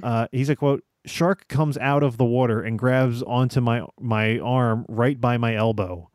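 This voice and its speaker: Man reading odd news with halting pauses. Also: mid-range voice, steady tone, darkish tone, no echo, studio quality. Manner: reads stories with frequent "uh" pauses, breaks into laughs. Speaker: podcast host reading news stories. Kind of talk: comedic news-reading podcast.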